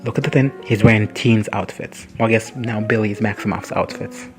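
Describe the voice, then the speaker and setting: A man's voice: on the low side, fairly even intonation, fairly quick, soft background music. A man casually recapping and reacting to a TV episode, rambling and sassy, swearing freely and laughing often. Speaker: reaction video host.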